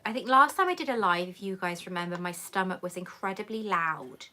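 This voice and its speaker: A woman's voice: fairly low pitch, lively intonation, brisk, sharp tone, slight background noise. A woman hosting a casual live chat, reading viewer comments aloud and calling people darling. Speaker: YouTube host answering live chat questions.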